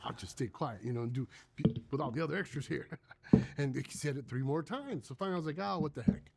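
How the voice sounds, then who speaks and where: Here a thirtysomething man talks quickly in a gravelly mid-range voice, with a little hiss or hum in the background. He tells a long, casual story with animation, putting on voices for the people he quotes.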